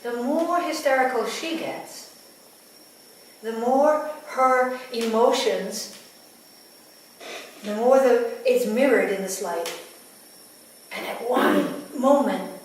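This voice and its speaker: A woman midwife recounts a birth story in an unhurried, hushed voice that often falls almost to a whisper. Her delivery is very slow and deliberate. The recording is taken from a distance in a strongly echoing room, with clear background ambience. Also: a little high. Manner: slow, intimate, dropping to near whispers. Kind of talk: storytelling to a live audience. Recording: echoey room, distant mic, ambient noise.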